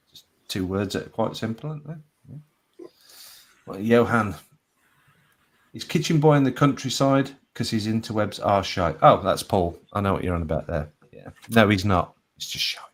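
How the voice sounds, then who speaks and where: A man's voice: on the low side, measured pace, long pauses. A man hosting a live show, reading out viewer captions and laughing often between them. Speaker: host.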